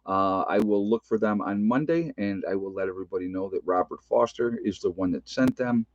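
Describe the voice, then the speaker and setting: A man's voice: lowish voice, a little fast, dull audio, slight background noise. An older man, a retired nurse, chatting casually on a live stream, rambling and chuckling as he teases himself. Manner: rambling, chuckling, self-teasing. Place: indoor room with bookshelves.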